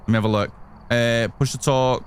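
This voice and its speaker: A little hiss or hum sits under this man's steady, mid-range voice as he briskly narrates his gameplay live. The streamer keeps up chatty commentary, addressing his chat and muttering to himself.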